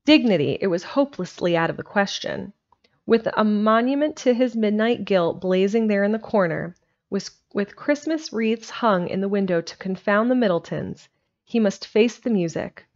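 A woman reads an old storybook aloud, gentle and expressive in her delivery. Her voice sits at a middle pitch. The sound is dull and lo-fi, like a simple home setup. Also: normal speed. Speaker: narrator. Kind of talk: storybook reading.

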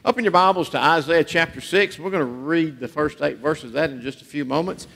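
A man's voice: on the high side, fairly quick, creaky, fairly bright tone. A man preaching a sermon in a church, telling jokes and stories in a folksy way. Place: church sanctuary. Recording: reverberant church hall.

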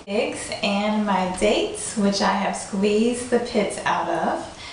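In an echoey kitchen, a cooking show host with a mid-range, animated voice speaks slowly, trying on a playful mixed accent and laughing at her own antics. The mic is far off, and there's slight background noise.

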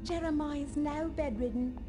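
A woman's voice: high-pitched, a little slow. A woman voicing a polite housekeeper of a gloomy estate in a game, speaking formally. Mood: anxious. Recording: game audio with loud music.

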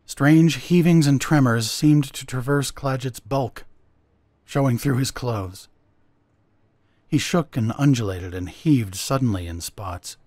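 A man's voice: medium pitch, darkish tone, no room sound. A man narrating a science fiction story with dramatic expression on his podcast. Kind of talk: story reading.

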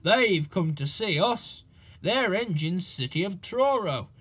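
A friendly, encouraging train driver with a plain, easy manner, as a man puts him on. The voice is slow and fairly high for a man. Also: lively intonation, fairly bright tone, husky, full character voice. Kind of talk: storybook character voice.

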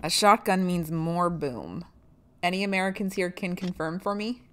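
A woman's voice: on the low side, moderate pace, a little hiss or hum. A young woman streaming a game, playful and swearing freely as she chats with viewers. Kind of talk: casual live gameplay commentary.

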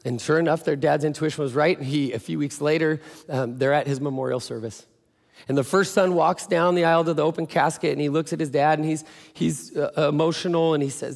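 A man's voice: fairly high pitch, a little fast, gravelly, a little mellow. A male pastor giving a sermon in a casual, joking storytelling way. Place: church. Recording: echoey church hall.

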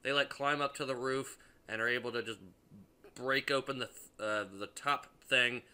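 Very bright-voiced, profane young man. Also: medium pitch, steady tone, moderate pace, clear, resonant tone. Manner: rambling, profane, frequent restarts and fillers. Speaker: movie reviewer. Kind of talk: casual spoiler review.

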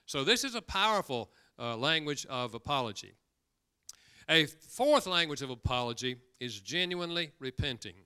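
A man's voice: on the high side, animated, normal speed, pushed and bright, clear, resonant tone. A man preaching a sermon in a church, telling stories and acting out quoted lines, sometimes repeating words as he goes. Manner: storytelling with acted quotes. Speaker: guest speaker.

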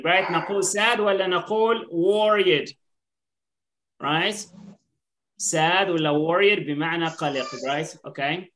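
Bright-voiced woman teaching online. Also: fairly low pitch, normal speed. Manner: mixes English and Arabic, asks "right?" constantly. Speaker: English teacher.

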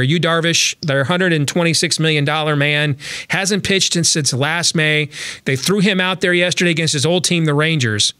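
A man's voice: on the high side, sharp tone, dry recording, studio quality. A man hosting a sports talk show, chatting casually about baseball with lots of fillers and restarts.

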